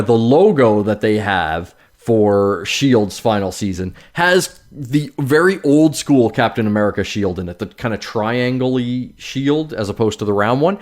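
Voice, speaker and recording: A man hosting a casual podcast, telling news stories in a loose, swearing, joking way. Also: mid-range voice. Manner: swears casually, lively storytelling. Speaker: podcast host. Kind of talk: casual chat.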